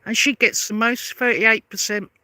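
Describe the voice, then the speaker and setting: A woman's voice: on the high side, fairly even intonation, normal speed, bright, forceful tone, no room sound. A woman delivering a confrontational, sarcastic rebuttal rant as a vlogger, firing repeated pointed questions. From London. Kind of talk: angry rebuttal rant to camera.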